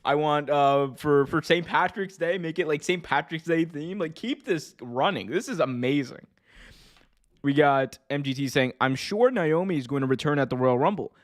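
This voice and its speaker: A man's voice: on the high side, normal speed. A man hosting a wrestling podcast, chatting casually and reading comments from his live chat, with many fillers and restarts. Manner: animated, rambling, lots of fillers and restarts.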